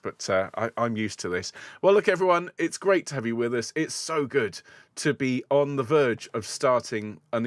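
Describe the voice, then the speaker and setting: A man's voice: mid-range voice, a bit bright, no room sound, clean studio sound. A man, a choir's musical director, chatting playfully and enthusiastically to viewers of a live online rehearsal.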